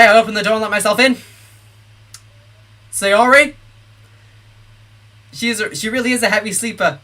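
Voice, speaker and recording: A man's voice: sits high, sharp tone. A young man streaming a game live, reading its text aloud and breaking into nervous, panicky outbursts.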